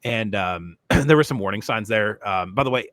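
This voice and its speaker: A man's voice: lowish voice, expressive, moderate pace, fairly bright tone, no room sound. A man co-hosting a podcast, telling stories in casual chat with lots of fillers. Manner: rambling storyteller, many fillers. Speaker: podcast co-host.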